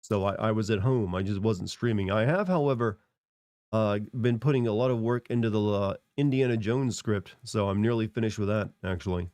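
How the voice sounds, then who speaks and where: A man's voice: fairly low pitch, brisk, darkish tone, dry recording, clean studio sound. Congested man chatting on stream. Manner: rambling, answers chat with fillers. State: congested from a cold. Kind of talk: casual live-stream chat.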